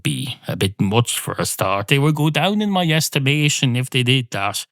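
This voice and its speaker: A man with an Irish accent hosting a comedy podcast, rambling through a deadpan, digressive monologue into a close mic with casual swearing. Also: medium pitch, normal speed, no echo. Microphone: close studio mic.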